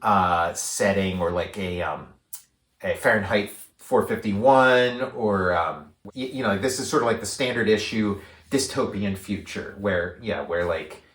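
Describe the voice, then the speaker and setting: A man's voice: deep voice, a little slow. Man, podcast co-host, casual rambling talk, fillers, echoey room. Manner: rambling, many fillers, animated acted-out quotes. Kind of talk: casual film discussion. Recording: roomy echo.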